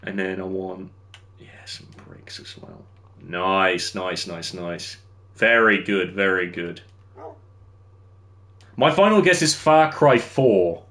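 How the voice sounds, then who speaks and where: Lively low-voiced gaming streamer. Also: male voice. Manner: chatty, answers viewer chat while building, quick to laugh. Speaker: livestreamer. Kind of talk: casual gameplay commentary.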